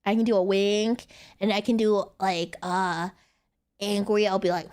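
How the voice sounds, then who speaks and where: A woman's voice: mid-range voice, flat delivery, measured pace, a little mellow. A young woman streaming casually, rambling playfully and laughing often. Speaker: VTuber streamer. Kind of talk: casual live-stream chat.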